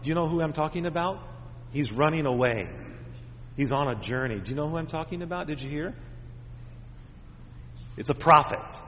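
A pastor giving a children's sermon, talking gently with the kids and asking them lots of simple questions. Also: male voice, fairly high pitch, animated, normal speed, pauses often, a little hiss or hum. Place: church. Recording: dull recording with long church reverb.

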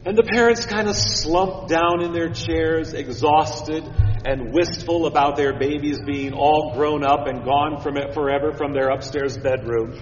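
A man's voice: a little high, fairly even intonation, unhurried, soft background music. A man, a pastor, preaching a sermon with emphatic build-ups and wry asides. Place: church sanctuary. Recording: echoey church hall, dull sound.

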